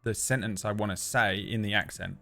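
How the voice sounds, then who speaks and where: A man's voice: lowish voice, fairly even intonation, brisk, vocal fry, pushed and bright, faint music behind. A man co-hosting a casual chat podcast, rambling in a self-deprecating way. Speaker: podcast co-host.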